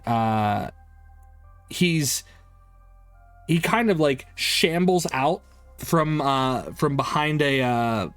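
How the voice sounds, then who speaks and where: A male game master narrates a tabletop game in a loose, rambling way, leaning on fillers. His pace is slow and unhurried. The sound is dry and close, with faint music behind. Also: on the high side, fairly bright tone, no room sound.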